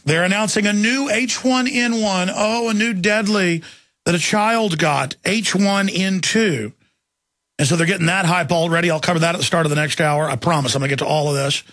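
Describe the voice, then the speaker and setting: A man hosting a talk radio show, ranting fast and fervently about the news. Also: sits high, a bit bright, dry recording, clean studio sound. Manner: fervent, mocks opponents in put-on voices.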